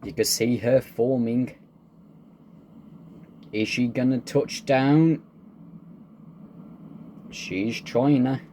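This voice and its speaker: A man's voice: medium pitch, very slow, pauses often, mellow, slight background noise. A man giving casual, joking gameplay commentary, laid-back and swearing freely. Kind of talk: casual let's-play commentary.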